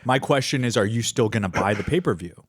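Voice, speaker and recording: A man with an average-pitched voice chats on a podcast. He stays relaxed, asks short questions and drops brief replies. The recording is dry and close. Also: quick pace, breathy edge, no echo. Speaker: podcast co-host. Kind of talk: casual chat.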